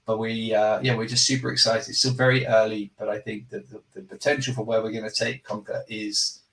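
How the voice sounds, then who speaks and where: A man's voice: on the low side, little pitch movement, brisk, a bit bright, far from the mic. A man hosting a live product demo. He talks enthusiastically and rambles, often breaking off and correcting himself. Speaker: product presenter and company host.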